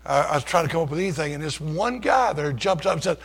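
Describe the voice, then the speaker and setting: This older preacher talks fast with hardly any pauses, his high, slightly bright voice gravelly and husky, with lively intonation. In his sermon he tells his own story in a folksy, conversational, self-deprecating manner.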